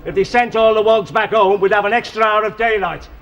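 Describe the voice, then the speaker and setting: An actor playing an outspoken, bigoted socialist factory worker. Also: male voice, sits high, fairly even intonation, brisk, a bit bright, muffled recording. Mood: scornful.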